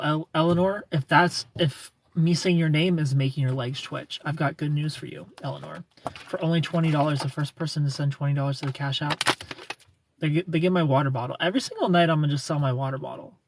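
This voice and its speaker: A man's voice: a little high, steady tone, fairly quick, a little hiss or hum. A man hosting a casual livestream, greeting viewers and answering their comments in a playful, teasing, flirty way.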